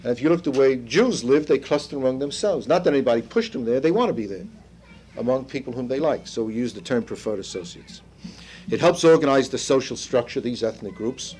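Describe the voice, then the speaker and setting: A man's voice: medium pitch, lively intonation, a little fast, a little mellow, a little hiss or hum. An older man leading a seminar in a conversational lecture style. He tells stories, drops in asides and "you see", and quizzes the group. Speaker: seminar leader.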